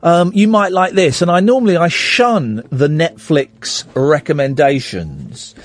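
A man hosts a radio phone-in, his voice pitched a little high and swinging widely as he muses openly and teases callers with mock grandeur. The studio sound is close and dry, with no room around it. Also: lively intonation, measured pace, no echo. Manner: open, self-reflective, playfully mock-grand. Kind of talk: late-night radio phone-in chat. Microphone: studio microphone.

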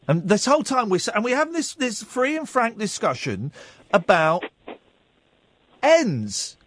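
A man's voice: sits high, big pitch swings, moderate pace, fairly bright tone. A man in his forties hosting late-night talk radio, rambling wryly and mocking himself. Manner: wry, rambling, self-mocking. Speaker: radio talk show host. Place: radio studio.

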